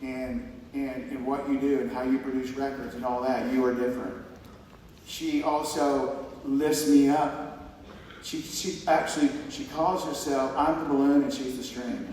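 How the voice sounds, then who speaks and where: A man gives a heartfelt acceptance speech for his award on a large hall's stage, wandering through restarts and quoted conversations. He speaks a little slowly in a mid-range, level, darkish voice. The hall sounds echoey and far off, with a little hiss or hum.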